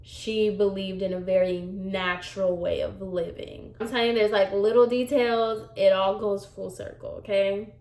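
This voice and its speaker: A woman's voice: medium pitch, flat delivery, normal speed, a little mellow, reverberant. A woman hairstylist telling a client story in a chatty, sassy way, full of fillers. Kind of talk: storytime vlog.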